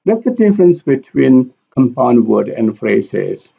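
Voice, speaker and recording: A male teacher talks through word stress at a very slow, deliberate pace, saying each example word more than once. His voice is gravelly and husky. The recording is dull and lo-fi. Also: mid-range voice, sing-song, warm tone. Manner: repeats example words carefully. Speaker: English pronunciation teacher. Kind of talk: slow explanatory lesson with spoken examples.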